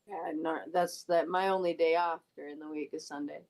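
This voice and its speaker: A woman's voice: deep voice, fairly even intonation, moderate pace, darkish tone. A woman, a tabletop game player, talking through her work schedule in casual chat with hesitant restarts.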